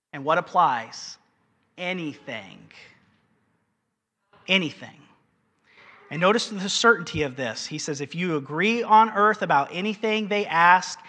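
A male pastor preaching a sermon, bright and fairly high-pitched. He talks conversationally and keeps throwing rhetorical questions at the congregation. The sound carries a long reverb from the hall.

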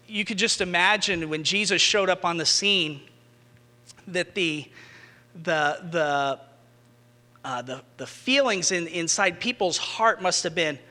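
Male pastor, high voice, animated sermon, long reverb of a church hall. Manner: animated storytelling, rising to excited emphasis.

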